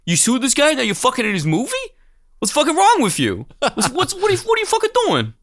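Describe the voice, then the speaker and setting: A man putting on the voice of a furious, foul-mouthed older mobster-type actor with a New York accent, shouting and indignant. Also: very high-pitched, huge pitch swings, fast, voice pushed up, exaggerated voice.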